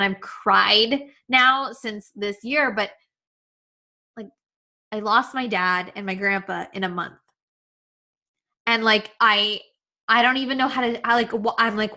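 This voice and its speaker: A woman's voice: mid-range voice, normal speed, bright, forceful tone. A woman coaching a live webinar, earnest and emotional, repeating herself with many fillers, speaking over a video call. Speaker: confidence coach leading a webinar.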